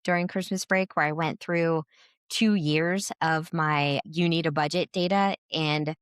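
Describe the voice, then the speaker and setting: A woman co-hosting a podcast in casual chat, an animated storyteller who acts out quoted voices. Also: low-pitched, unhurried, clean tone, no room sound, studio quality. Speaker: podcast co-host.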